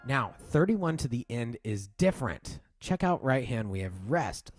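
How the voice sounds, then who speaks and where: Piano teacher counting rhythms aloud. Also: male voice, medium pitch, very animated, a little slow, hardly any pauses. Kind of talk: piano tutorial. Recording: loud piano music behind. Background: piano playing.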